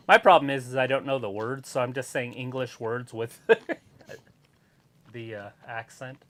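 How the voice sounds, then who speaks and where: A man's voice: medium pitch, expressive, takes it slowly, a bit bright. A man co-hosting a wrestling watch-along stream, trading casual teasing banter and laughing often.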